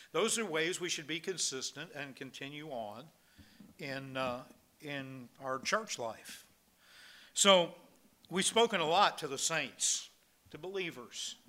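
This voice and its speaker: A man's voice: fairly high pitch, measured pace, pushed and bright. A man preaching a sermon as pastor, reading scripture and speaking with many fillers and restarts. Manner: reads scripture in King James wording, with frequent fillers and restarts.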